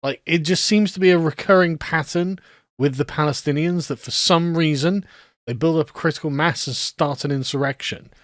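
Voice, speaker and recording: Sarcastic high-voiced male commentator. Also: moderate pace, fairly bright tone, no echo, clean studio sound. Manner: sarcastic, laughing, mimics others in voices. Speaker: commentary host. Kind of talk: mocking video commentary.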